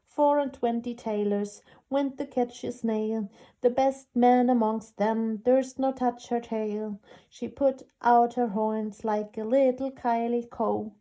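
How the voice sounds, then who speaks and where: A woman's voice: on the high side, steady tone, takes it slowly, warm tone. A woman voicing a chorus of tiny, cheeky mice who chant nursery rhymes in a sing-song way.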